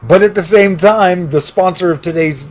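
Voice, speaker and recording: A man's voice: high voice, normal speed, soft background music. A man talking casually as a tech YouTuber, rambling with frequent restarts and dry sarcasm. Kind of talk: casual talking-head commentary.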